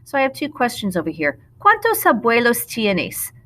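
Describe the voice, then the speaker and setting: A woman, a Spanish teacher, talking through a recorded lesson in a patient, explanatory way. She slows down to model the Spanish words. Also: a little high, wildly swooping pitch, sharp tone. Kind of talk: recorded classroom lesson narration.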